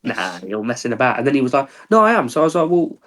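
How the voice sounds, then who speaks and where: A man's voice: medium pitch, expressive, racing. A man guesting on a podcast, teasing his friend with casual banter, swearing, and mocking impressions.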